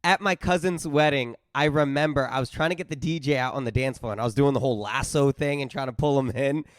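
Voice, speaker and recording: A man's voice: medium pitch, quick pace, dry recording. Male podcast host, dry close sound. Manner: friendly, restarts phrases, tells stories. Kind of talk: interview podcast.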